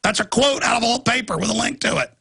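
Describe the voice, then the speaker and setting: A man hosting a talk show, delivering an impassioned political rant with sudden shouted bursts. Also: very high voice, quick pace, husky. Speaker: talk radio host. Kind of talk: ranting political monologue.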